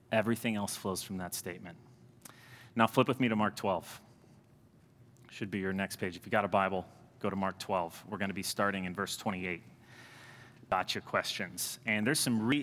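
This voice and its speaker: A priest giving a conversational, animated sermon, with a lilt to his speech. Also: on the low side, long reverb tail. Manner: conversational, animated preaching with rising emphasis.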